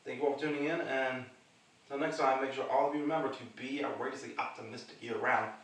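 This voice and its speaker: A man's voice: medium pitch, fairly even intonation, quick pace, a bit bright. A man hosting his own podcast, chatting casually and rambling about wrestling, laughing easily along the way. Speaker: podcast host. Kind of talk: casual solo wrestling chat. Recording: echoey room, distant mic.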